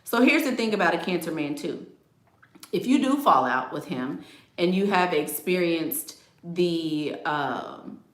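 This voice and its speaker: Woman, middle-aged, casual host, emphatic, repeats herself, lowish voice, echoey room. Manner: emphatic, repeats key lines, laughs often. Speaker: astrology video host. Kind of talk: casual live chat reading comments.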